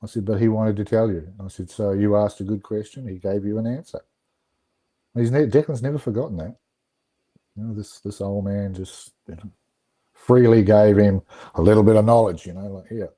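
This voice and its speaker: A middle-aged man, telling stories in a relaxed, reflective way on a video call. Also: fairly low pitch, normal speed. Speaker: guest. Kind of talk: casual storytelling on an online call.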